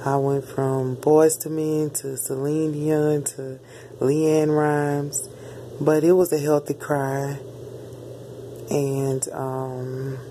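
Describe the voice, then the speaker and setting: A woman's voice: sits low, extremely slow, a little hiss or hum. A woman telling a personal story in a candid, rambling, casual way while lying in bed at home. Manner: rambling, candid, animated retelling. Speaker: spiritual channeler.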